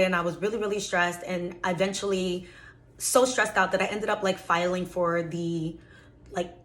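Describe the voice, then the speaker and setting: A woman with a fairly low voice tells a story from her own life in a loose, conversational way, leaning on fillers and running commentary. A faint hiss sits under the recording. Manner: chatty, filler-heavy, exasperated storytelling. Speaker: vlogger. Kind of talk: casual storytelling.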